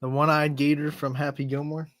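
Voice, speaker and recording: A man co-hosting a sports show, chiming in with quick jokes and laughing often. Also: a little high, little pitch movement, fairly bright tone, dry recording. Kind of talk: casual banter.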